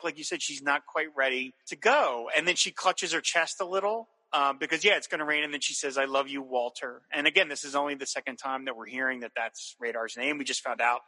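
An enthusiastic man talks through a TV episode in loose, rambling podcast chat, circling back on his words. His voice is very bright and sharp, sitting a little high. The room around him rings with a long reverb. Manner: enthusiastic, rambling with restarts, laughs often. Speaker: podcast co-host. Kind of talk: casual chat recapping a TV episode.

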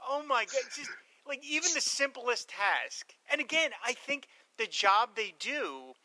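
Animated high-voiced man discussing films. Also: no room sound. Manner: rambling, animated, acts out film scenes in quick voices. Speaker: podcast co-host. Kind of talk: casual film discussion.

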